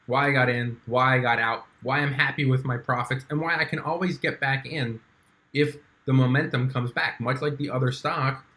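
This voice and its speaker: A man's voice: medium pitch, steady tone, moderate pace, bright, forceful tone. A young man walking through his stock trades in a casual, chatty way, with frequent fillers and restarts. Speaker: stock trading YouTuber. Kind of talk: casual screen-share walkthrough.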